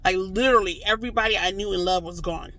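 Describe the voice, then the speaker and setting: Animated vlogger with a bright voice. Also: medium pitch, fast. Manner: animated, acts out reactions in quotes; rambling with frequent "like" and "you know". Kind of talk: casual storytelling to camera.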